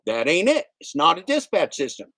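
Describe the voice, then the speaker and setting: A middle-aged man ranting on a livestream, his pitch leaping up and down as he hammers the same points again and again. His voice sits a little high for a man and sounds close and dry, with no room echo. He talks with a sarcastic, emphatic edge. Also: wildly swooping pitch, brisk, sharp tone. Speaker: gig delivery driver streamer. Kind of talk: casual livestream rant.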